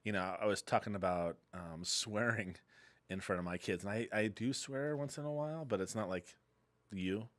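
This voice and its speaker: A man's voice: on the low side, moderate pace, no echo. A middle-aged man co-hosting a casual podcast, easygoing and rambling, often chuckling. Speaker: podcast co-host. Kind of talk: casual chat.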